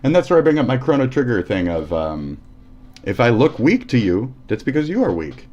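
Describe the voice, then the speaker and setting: A man's voice: medium pitch, sing-song, fairly quick, a little mellow, muffled recording. A man ranting casually on a live stream, profane and heated, often laughing and acting out quotes.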